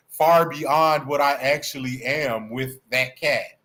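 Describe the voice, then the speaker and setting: A man hosting a livestream, chatting in a sassy, animated, playful way about celebrity gossip. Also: mid-range voice, a little slow. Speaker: livestream host. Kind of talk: casual celebrity gossip chat.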